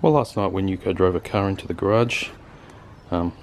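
An Australian man, an amateur astronomer, rambling through a casual vlog with deadpan humor. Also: low-pitched, fairly quick, slight background noise.

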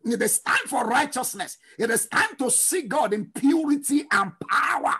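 A middle-aged man preaching a fervent sermon, shouting refrains and breaking into sung lines. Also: very high voice, expressive, normal speed, husky. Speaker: pastor.

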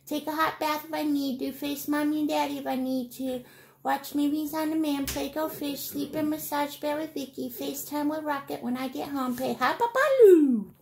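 A woman's voice: high voice, level tone, normal speed, vocal fry. A woman vlogger chatting playfully to her toys and the camera in simple, sing-song speech, listing plans one by one.

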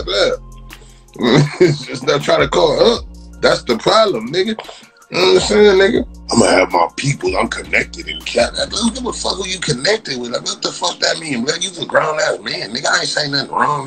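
A man's voice: fairly high pitch, big pitch swings, normal speed, gravelly, fairly bright tone, soft background music. A man ranting on a livestream, heated, repetitive and mocking.

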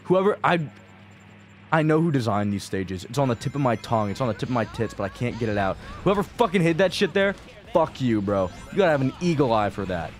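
Brisk and full of big pitch swings, this mid-range male voice belongs to a young creator doing casual gameplay commentary laced with profanity. He rambles, grows frustrated, drops to mutters, then breaks out loudly. Faint game music runs underneath.

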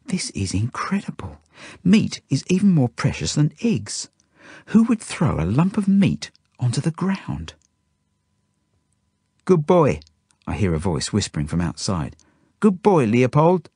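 A man with a lowish, slightly husky voice reads a children's story in the first person, his pitch rising and falling with feeling. He drops to hushed tones at the tense moments. The recording is dry and close, with no room sound. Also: dry recording. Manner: expressive, dropping to hushed tones. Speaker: audiobook reader.

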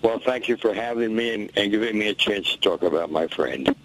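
An older man, a boxing historian, telling stories in an interview and acting out the quotes with animated energy. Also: on the low side, brisk, no room sound, low-quality recording. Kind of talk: interview storytelling.

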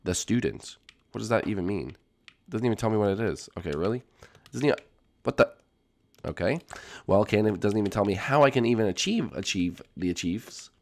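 A young man giving casual, excitable let's-play commentary to his viewers, jumping between gasps and chatter. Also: lowish voice, fairly quick, gravelly. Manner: excitable, jumpy, talks to viewers as folks. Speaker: gaming YouTuber.

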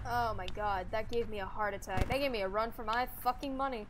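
A woman's voice: fairly high pitch, fairly even intonation, fairly quick, hardly any pauses, faint music behind, rough recording. A young adult woman streaming a horror game live, panicking, swearing and repeating herself under stress. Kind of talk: live gameplay reaction.

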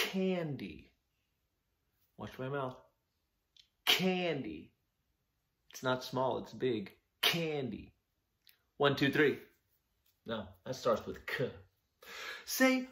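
A man teaching a phonics lesson to young children, sounding out words slowly and with exaggerated care. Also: mid-range voice, a bit bright. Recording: roomy echo.

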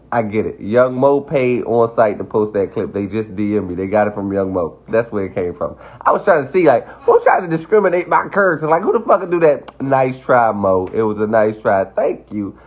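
A man's voice: fairly low pitch, highs cut off. A man delivering a defiant, profane livestream rant, repeating himself as he dismisses the people criticizing him. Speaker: social media personality.

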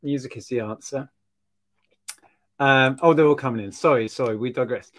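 A man's voice: mid-range voice, normal speed. A man co-hosting a casual live-stream chat, reading comments and joking. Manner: jokey, sings snatches of songs. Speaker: co-host.

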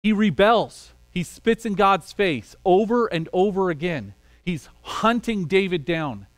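A man's voice: high voice, expressive, measured pace, no room sound. A man preaching a sermon in a conversational way, acting out small quoted exchanges as he goes. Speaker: pastor.

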